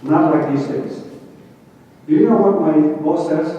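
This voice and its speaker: A man's voice: on the high side, unhurried, long pauses. A middle-aged man with a Chinese accent gives a talk to an audience, telling work stories and asking rhetorical questions. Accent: Chinese-accented English. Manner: anecdotal, quotes his bosses, rhetorical questions. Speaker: conference speaker. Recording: distant, echoey hall, dull lo-fi sound.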